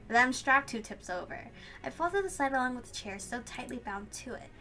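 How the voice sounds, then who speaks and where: A woman reading a visual novel aloud and reacting in an excitable, gushing way, swearing and laughing at the story. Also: on the high side, slight background noise. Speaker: let's play host.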